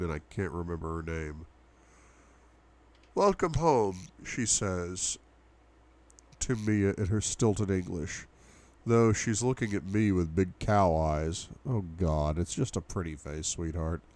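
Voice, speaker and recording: A man's voice: low-pitched, a little mellow. A young man reading a novel aloud for a book club, with asides to his viewers. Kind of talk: audiobook-style reading.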